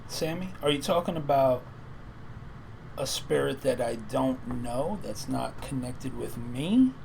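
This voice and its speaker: Gravelly, easygoing man on a home stream. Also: mid-range voice, lively intonation, slow, a little mellow, a little hiss or hum. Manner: easygoing, short agreeing replies. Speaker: psychic medium and co-host. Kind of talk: casual live-stream chat.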